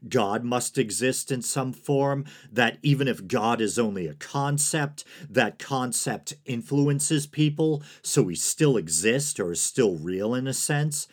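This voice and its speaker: A man hosting a solo podcast, talking in a monotone, sedated way with dry, sarcastic asides and soft laughs. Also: mid-range voice, unhurried, hardly any pauses. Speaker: podcast host.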